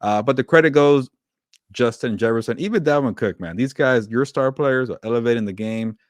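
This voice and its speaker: A man's voice: medium pitch, fairly quick, no room sound. A man co-hosting a podcast, chatting casually about football, laughing often and using lots of fillers and restarts. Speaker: podcast co-host. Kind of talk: casual sports chat.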